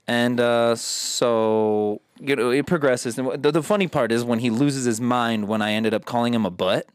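A man in casual chat tells a story with lots of swearing and animated quoting. His voice sits in a middle pitch and sounds dry and close to the mic, with little room around it. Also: moderate pace, dry recording. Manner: animated, profane, acts out quotes.

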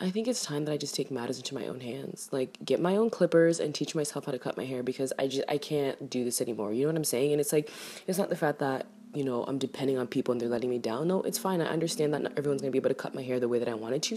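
A young woman telling a casual storytime rant to camera, animated and exasperated, swearing freely. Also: very deep voice, fast talker, breathy edge. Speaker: vlogger.

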